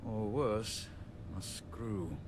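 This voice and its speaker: A game's grumpy but good-humoured handyman, his voice sitting low and steady. He jokes at his own expense and owns up to his temper. A faint hiss lies under the line. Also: extremely slow. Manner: wry, joking, self-deprecating. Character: irritable self-deprecating male handyman, joking. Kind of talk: video game character dialogue.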